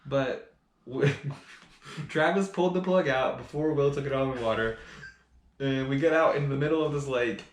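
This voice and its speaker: A man's voice: medium pitch, moderate pace. Storytelling man in an echoey room. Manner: animated storyteller, laughs while talking. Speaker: podcast co-host. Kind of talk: casual storytelling chat. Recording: echoey room with faint noise.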